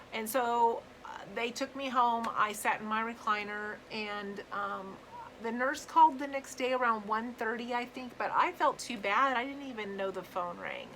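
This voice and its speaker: A woman sharing her own story in a personal vlog, talking earnestly and haltingly with many fillers and restarts. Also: mid-range voice, sharp tone, slight background noise, rough recording.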